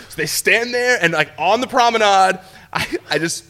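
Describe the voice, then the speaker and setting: A young man, a former entertainment reporter, telling a story in casual chat, full of fillers and restarts, acting out quotes in a higher voice. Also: lively intonation, brisk, bright, forceful tone.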